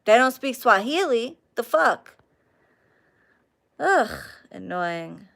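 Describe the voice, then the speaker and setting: A woman hosting a casual live chat with viewers, ranting in an animated, heavily profane way. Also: a little high, takes it slowly, creaky, pauses often. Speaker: live stream host chatting with viewers.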